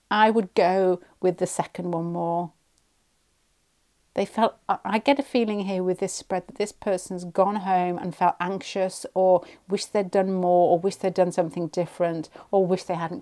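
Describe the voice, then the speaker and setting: A woman's voice: lowish voice, fairly even intonation, normal speed, dark tone. A woman giving a pick-a-card tarot reading at home, thinking aloud and rambling, often restarting her sentences.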